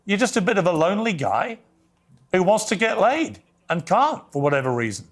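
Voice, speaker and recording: A man's voice: sits high, big pitch swings, a little fast. A man interviewing a guest, pressing him with pointed, confrontational questions.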